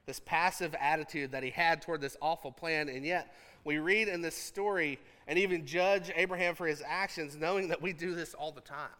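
A male pastor preaching a sermon in an animated, conversational, jokey way. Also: fairly high pitch, moderate pace, in a large hall.

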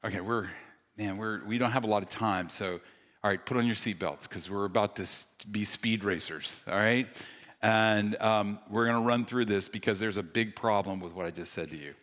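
This pastor's voice sits on the low side as he gives an animated sermon from a church stage. Punchy jokes and self-deprecating quips alternate with quieter, earnest passages, and each phrase trails off into the large hall's long, ringing reverb.

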